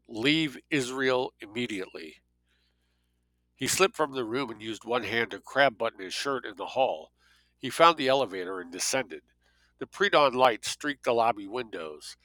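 A man narrating a novel in a steady, plain storytelling voice. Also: medium pitch, moderate pace, dry recording, poor audio. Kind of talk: audiobook narration.

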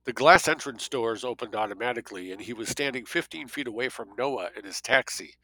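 A man narrating a novel in a steady, plain storytelling voice. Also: medium pitch, a little fast, dry recording, rough recording. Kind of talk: audiobook narration.

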